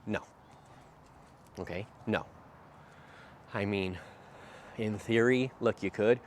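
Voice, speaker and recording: A man's voice: lowish voice, slow pace. A man working as a dog trainer, explaining while he walks a dog outdoors, with a habit of asking "right?" after short phrases. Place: outdoors by a street. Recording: faint outdoor noise.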